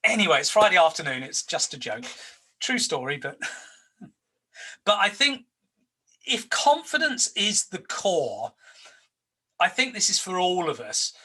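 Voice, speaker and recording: Bright-voiced man coaching. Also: high voice, very animated, a little slow, long pauses, slightly rough, distant mic, rough recording. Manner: emphatic, anecdotal, repeats words for stress. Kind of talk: workshop facilitation with anecdotes.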